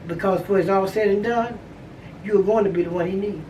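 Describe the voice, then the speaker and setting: A woman's voice: medium pitch, fairly quick, warm tone, far from the mic. An older woman, the host's grandmother, giving consoling family advice in a soothing, insistent way and repeating short phrases. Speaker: grandmother of the host. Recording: echoey room, voice from off-mic, faint hiss.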